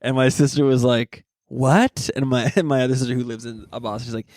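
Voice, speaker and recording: A man's voice: mid-range voice, steady tone, fast, darkish tone, dry recording, clean studio sound. A man co-hosting a comedy podcast, telling a rambling story with laughs and put-on voices. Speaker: podcast co-host. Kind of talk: casual comedic chat.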